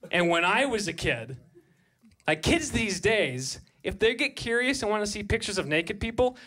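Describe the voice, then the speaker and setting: A man in his thirties doing a stand-up comedy set on a club stage, breaking into shouted high voices for his bits.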